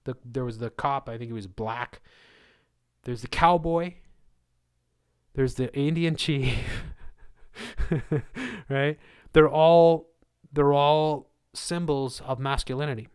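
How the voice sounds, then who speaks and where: A man's voice: medium pitch, slow pace, long pauses, darkish tone, smooth. Rambling, chuckling male livestream host. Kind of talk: live Q&A monologue.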